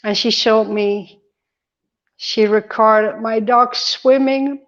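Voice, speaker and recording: A woman's voice: fairly high pitch, fairly even intonation, slow pace, lo-fi sound. A woman talking casually to her phone camera from a hospital ward, chatty and emotional. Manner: chatty, emotional, tearful at times. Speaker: vlogger. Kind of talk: casual hospital-bed vlog. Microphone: phone held close.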